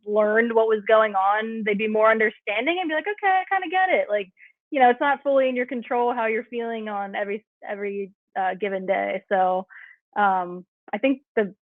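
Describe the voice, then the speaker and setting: A woman speaks as a podcast guest, chatty and filler-heavy, over a thin, phone-like line. Her voice is dry and close, with no room around it, and sits at an ordinary pitch. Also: no room sound. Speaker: guest, cycle syncing coach. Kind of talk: casual podcast chat.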